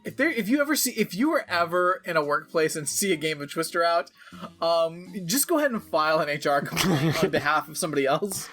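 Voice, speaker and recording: A man's voice: on the high side, expressive, a little fast, fairly bright tone, faint music behind. A man co-hosting a podcast, dryly recapping a movie's plot and acting out its lines in casual chat. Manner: dry, recaps plot with mock-quoted lines. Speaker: podcast co-host.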